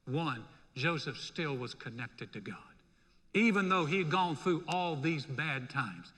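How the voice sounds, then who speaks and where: Male pastor, high bright voice, lively conversational sermon, long hall reverb. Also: a little slow. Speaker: senior pastor. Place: church sanctuary.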